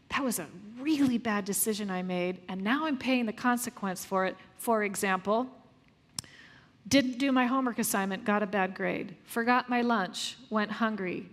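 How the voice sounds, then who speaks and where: A woman leading a live parenting workshop, lively and asking the audience questions before answering them herself. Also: on the high side. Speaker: parenting coach. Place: large room with a live audience. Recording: long hall reverb.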